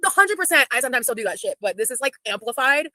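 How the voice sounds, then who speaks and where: A woman in her thirties chatting casually as she reacts to her own old videos, rambling and quick. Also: high-pitched, very animated, pushed and bright, dry recording, rough recording. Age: 30s.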